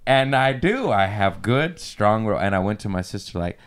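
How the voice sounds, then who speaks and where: A man's voice: on the low side, moderate pace, clean tone. A profane, storytelling man hosting a podcast. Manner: animated, profane anecdote-telling. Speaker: podcast host. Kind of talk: casual podcast chat, storytelling.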